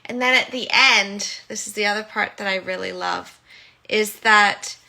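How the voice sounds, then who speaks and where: A woman's voice: mid-range voice, measured pace, gravelly, pushed and bright. A woman hosting a solo podcast, casually retelling a film and acting out its quoted lines. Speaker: podcast host and motherhood coach.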